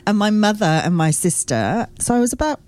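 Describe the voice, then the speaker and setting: A woman's voice: mid-range voice, sing-song, fairly quick, a little mellow. A woman co-hosting a casual breakfast radio chat in a studio, telling stories with frequent laughs. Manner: chatty storyteller, laughs often. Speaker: radio co-host.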